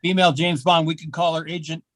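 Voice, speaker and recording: Older man doing halting deadpan stand-up. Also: fairly high pitch, no echo. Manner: deadpan, self-mocking, halting with fillers. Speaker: stand-up comedian. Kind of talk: stand-up set at an open mic. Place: small comedy club.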